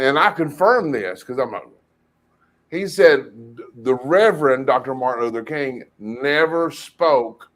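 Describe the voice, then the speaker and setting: A man co-hosting a casual talk show, talking haltingly with restarts as he looks things up. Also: mid-range voice, fairly bright tone. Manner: halting, searching aloud, many restarts. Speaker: cartoonist co-host. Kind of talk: casual chat.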